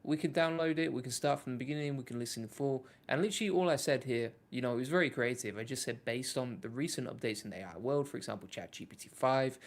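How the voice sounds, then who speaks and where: Guy doing a live demo at his desk, middle pitch, rambly, lots of um and kinda like. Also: fast, hardly any pauses. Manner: loose, rambling, many fillers and restarts. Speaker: host. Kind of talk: casual live tech walkthrough.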